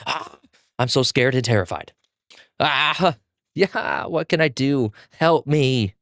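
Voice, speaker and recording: A man's voice: slow pace, a bit bright, dry recording, clean studio sound. A man voicing a panicky, cowardly teenage boy who whines and pleads shrilly. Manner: whiny, shrill, desperate pleading.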